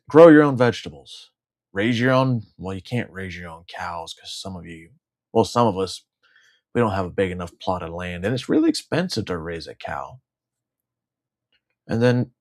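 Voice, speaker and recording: A middle-aged man from the United States in a rambling, sardonic monologue, swearing freely and repeating his own lines. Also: on the low side. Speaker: vlogger. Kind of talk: casual ranting monologue.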